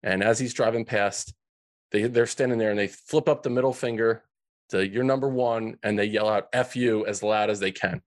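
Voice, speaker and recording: A man's voice: on the low side, fairly even intonation, normal speed, no echo. A man in a podcast interview, telling a painful childhood story in an earnest way, often restarting his sentences. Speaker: podcast guest. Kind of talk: emotional storytelling.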